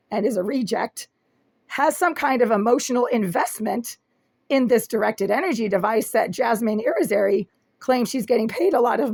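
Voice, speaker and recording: Raspy woman vlogger, fairly high voice, dry close sound; aggrieved, insistent, detailed complaint from a small apartment on a handheld phone. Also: dry recording. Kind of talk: first-person complaint video. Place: small apartment room, indoors.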